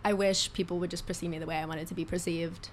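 A young adult woman, a podcast guest, telling a story in casual chat with lively slang. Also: lowish voice, quick pace, slight background noise. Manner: animated storyteller using queer slang.

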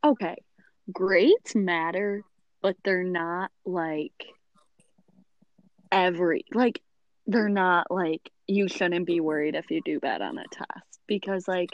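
A woman's voice: lowish voice, slow, no room sound, muffled recording. A teenage girl co-hosting a casual podcast chat, rambling with lots of fillers and giggles. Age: teens. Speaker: podcast co-host.

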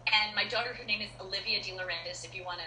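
Bright-voiced middle-aged woman, animated storyteller. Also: mid-range voice, very fast, a little hiss or hum. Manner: animated storyteller with many restarts and fillers. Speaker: actress interviewed as guest. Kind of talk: casual interview chat. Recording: roomy echo.

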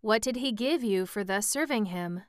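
A woman voicing a stern but gracious female sorceress ruler in a storybook reading, commanding and measured. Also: mid-range voice, lively intonation, dry recording, studio quality, natural voice.

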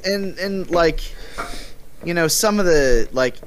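A man's voice: fairly high pitch, expressive, slow pace, slight background noise. A man co-hosting a casual gaming podcast, rambling with fillers and slipping into sarcastic put-on voices. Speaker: podcast co-host.

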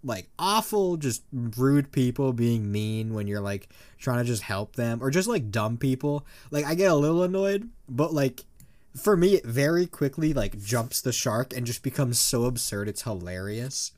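A man's voice: medium pitch, normal speed, a little mellow. A young man co-hosting a podcast, telling a rambling story full of fillers. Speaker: podcast co-host. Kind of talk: casual chat.

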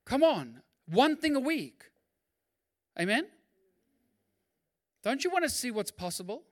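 A male pastor preaching a sermon in a lively, conversational way, with quick asides and acted-out quotes. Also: extremely high pitch.

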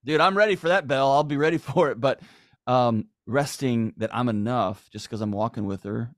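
A man's voice: medium pitch, normal speed, no room sound, studio quality. A middle-aged man talking earnestly and with emphasis on a podcast, acting out quoted lines as he goes. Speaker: guest. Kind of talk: conversational podcast talk.

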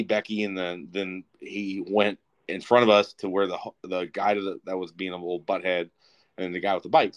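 A young man co-hosting a casual talk show, telling a rambling, profane story in an animated way. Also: low-pitched. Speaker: podcast co-host.

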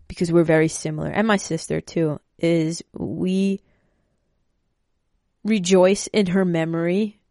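A woman's voice: on the low side, steady tone, unhurried, warm tone, no echo, clean studio sound. A woman speaking casually and emotionally, rambling and swearing freely as she talks to her listeners. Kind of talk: casual personal talk.

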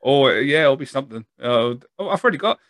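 A man's voice: medium pitch, expressive, fast, a bit bright, no room sound. Chatty Scottish man hosting a podcast. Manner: chatty, laughs often, trails off and restarts. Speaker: podcast host. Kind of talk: casual chat.

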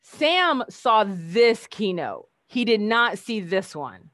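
A woman's voice: medium pitch, very animated, slow, fairly bright tone, no echo. A woman speaker chatting casually as a guest, telling a story animatedly, acting out the dialogue and laughing often.

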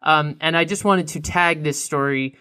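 A young man co-hosting a casual beer podcast, relaxed and chatty, with plenty of ums and uhs. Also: on the high side, normal speed, clear, resonant tone. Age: young adult. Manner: relaxed, frequent filler ums and uhs, laughs easily. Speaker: podcast co-host.

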